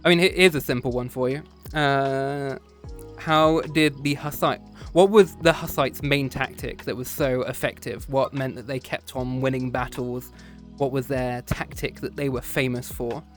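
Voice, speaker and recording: A man's voice: medium pitch, fairly even intonation, moderate pace, a bit bright, soft background music. A man streaming a casual chat with his viewers after a history lesson, playful and teasing, often slipping into meows and growls.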